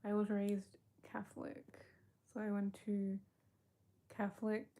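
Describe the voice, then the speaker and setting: Slow-talking young woman. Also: mid-range voice, completely flat delivery, warm tone. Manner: chatty, reads and answers chat, laughs often. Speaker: livestream host. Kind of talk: casual livestream chat.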